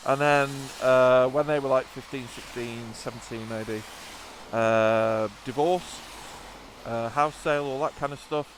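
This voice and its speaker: Man in his fifties, sweary and sardonic, mid pitch, faint traffic noise outdoors. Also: steady tone, measured pace. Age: 50s. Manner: sweary, sardonic, wandering asides. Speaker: motorcycle vlogger. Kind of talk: rambling spoken vlog. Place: outdoors on a motorbike trip in rain.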